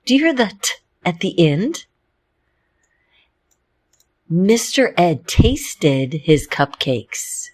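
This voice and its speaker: This woman teaches a phonics lesson at an unhurried, deliberate pace. Her voice sits a little low, and she sounds out each letter slowly and clearly. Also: very animated, darkish tone.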